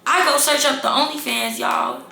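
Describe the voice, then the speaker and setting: A woman telling a storytime vlog to her viewers, animated and exasperated, calling them y'all. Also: high-pitched, normal speed, creaky. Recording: echoey room with faint background music.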